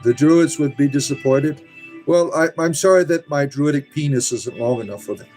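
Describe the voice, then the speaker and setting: A man's voice: fairly high pitch, moderate pace, a little mellow, faint music behind. Blunt, sarcastic man reading chat. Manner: blunt and sarcastic, curses freely. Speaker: livestream host reading chat. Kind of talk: casual livestream chat.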